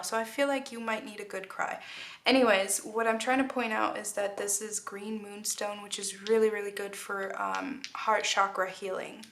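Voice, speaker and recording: A woman's voice: medium pitch, flat delivery, moderate pace, gravelly, a bit bright. A woman giving a casual spoken tarot reading, earnest and emotional, talking with many fillers and restarts. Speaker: tarot reader.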